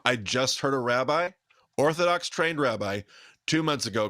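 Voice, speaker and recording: A man's voice: medium pitch, normal speed, pushed and bright, no echo, clean studio sound. A man from Idaho co-hosting a podcast, talking casually and candidly with a self-deprecating manner. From Idaho, United States. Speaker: podcast co-host. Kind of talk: casual conversation.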